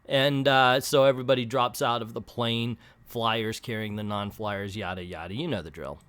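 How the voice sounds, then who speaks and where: A chatty man tells a comic book plot in a loose, casual recap. He drops joking asides as he goes, with a middle-pitched, everyday voice. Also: fairly even intonation, moderate pace, a bit bright, clear, resonant tone. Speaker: comic book video host.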